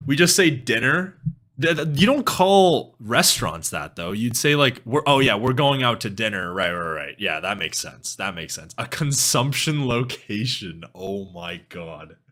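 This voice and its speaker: Young Canadian guy, live-stream host, bright forceful voice, lively swings, laughs a lot. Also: medium pitch, moderate pace. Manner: animated, laughs often, swears casually. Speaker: music streamer. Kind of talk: casual live-stream chat.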